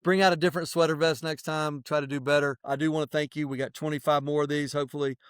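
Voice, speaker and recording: A man co-hosting a podcast, giving animated, plain-spoken advice in casual chat with some mild swearing. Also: on the high side, quick pace, clear, resonant tone, dry recording, studio quality. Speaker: podcast co-host.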